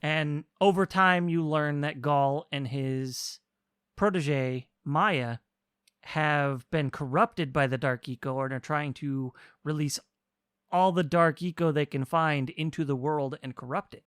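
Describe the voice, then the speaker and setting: A man co-hosting a casual podcast, explaining a story with animated retelling and quick acted-out lines. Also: on the high side, smooth, no echo, clean studio sound. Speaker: podcast co-host explaining a game. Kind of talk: casual chat.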